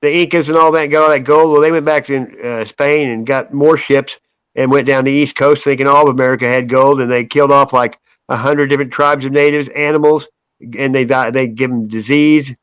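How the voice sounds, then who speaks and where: A high-strung man chatting casually on a livestream, rambling from one story to the next and laughing often. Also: steady tone, fairly quick, fairly bright tone, smooth, dry recording, poor audio. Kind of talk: casual chat.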